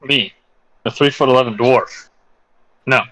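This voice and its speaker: A man playing a tabletop game, cracking blunt jokes and answering in character with short, deadpan lines. His voice sits at an ordinary middle pitch. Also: a little slow, poor audio. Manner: joking, blunt in-character quips. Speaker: player. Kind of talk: casual game chat.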